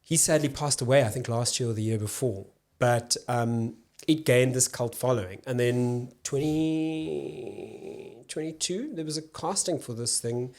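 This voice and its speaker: A South African man, an actor and comedian, talking as a podcast guest in a thoughtful, halting way, often restarting his sentences. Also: medium pitch, a little mellow. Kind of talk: casual podcast conversation.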